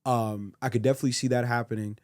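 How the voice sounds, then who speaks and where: Podcast co-host, male, middle pitch, blunt and emphatic, casual slang, dry room. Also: fairly even intonation, quick pace, darkish tone, no room sound. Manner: blunt, emphatic, profane opinions.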